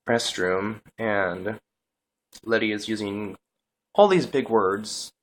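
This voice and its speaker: Slow-talking young man recapping a show. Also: fairly low pitch, a bit bright. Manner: rambling, lots of "he's like" retelling. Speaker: TV episode reviewer. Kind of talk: casual episode recap.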